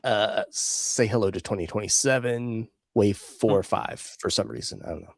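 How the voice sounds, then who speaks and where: A man's voice: fairly low pitch, normal speed, vocal fry, no echo, studio quality. A man co-hosting a toy livestream in casual chat, sighing and exasperated, with lots of fillers. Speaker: toy collecting livestream co-host.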